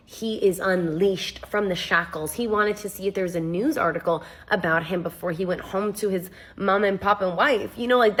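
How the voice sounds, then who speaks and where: A young woman with a lowish voice tells a funny story as a casual storytime. She keeps it wry and animated and pokes fun at herself. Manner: animated, wry, self-mocking delivery.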